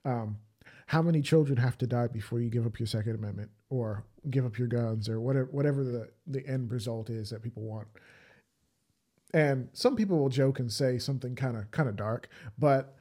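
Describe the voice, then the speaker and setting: A male podcast host with a dark, mellow voice, thinking aloud as he talks. He often pauses and restarts his sentences in a reflective, unhurried way. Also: mid-range voice. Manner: reflective, halting, full of restarts. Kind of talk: conversational podcast interview.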